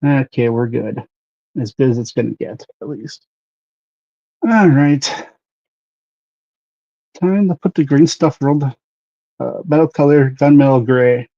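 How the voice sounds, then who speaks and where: A man's voice: medium pitch, a little slow, long pauses, mellow, muffled recording. A man hosting a livestream, chatting casually while airbrushing a model and greeting viewers by name. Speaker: livestream host.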